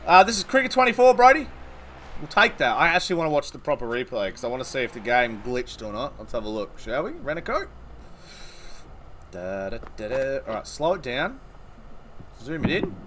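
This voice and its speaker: A young man streaming a cricket video game live, commentating excitedly, swearing and thanking followers. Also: medium pitch, fairly quick, slight background noise.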